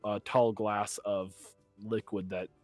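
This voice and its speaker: A man narrating a tabletop game as game master, relaxed and hesitant, with fillers. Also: lowish voice, takes it slowly, no echo, faint music behind.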